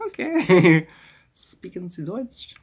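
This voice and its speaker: Gravelly, rambling live-streamer man. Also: high-pitched, very animated, drawn-out words. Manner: rambling, chuckling, answering viewers' comments; tries out playful German phrases. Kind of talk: casual live-stream chat. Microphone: phone.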